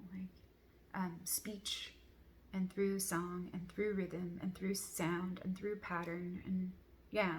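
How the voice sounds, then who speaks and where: A woman speaking in a soft, earnest, rambling way, full of casual fillers, sharing reflections in a relaxed monologue. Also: on the low side, slight background noise. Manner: soft, rambling, many "like" fillers, gentle laughs; earnest, affirming. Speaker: spiritual vlogger.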